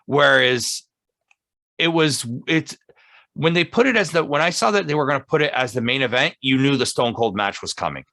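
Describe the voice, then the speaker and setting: A man's voice: medium pitch, lively intonation, gravelly, pushed and bright, dry recording. A man co-hosting a casual wrestling review podcast, agreeable and rambling through recaps. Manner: agreeable, lots of quick yeahs, rambling recaps. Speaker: podcast co-host.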